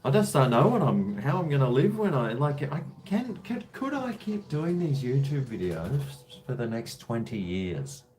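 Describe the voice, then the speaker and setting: A man's voice: mid-range voice, very animated, moderate pace, few pauses, a little mellow, soft background music. A man, chatting casually on his live stream, jokey and calling everyone mate.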